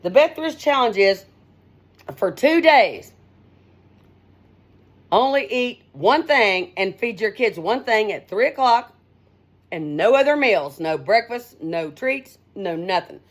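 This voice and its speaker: A middle-aged woman radio host giving a rambling, folksy straight-talk monologue, her pitch swinging up and down as she talks. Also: lively intonation, takes it slowly, pauses often.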